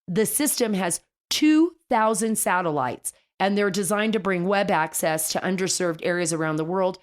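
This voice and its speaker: Hosting a political talk show, a woman speaks at a moderate pace in a fairly low voice. She's eager and conversational, frequently restarting, and the clip plays like laid-back political radio commentary.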